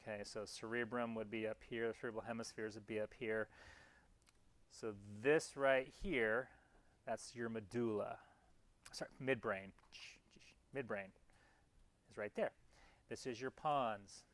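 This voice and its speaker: A man teaching anatomy keeps things casual and chatty, pointing to parts on slides and often restarting mid-phrase. His lowish voice holds a steady tone, moving a little slowly with long pauses.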